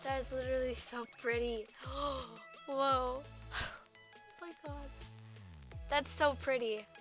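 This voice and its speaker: A young woman with a high voice chats through her gameplay video, easily excited and gushing. Faint music plays underneath. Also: slow. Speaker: gaming YouTuber. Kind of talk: casual gameplay commentary.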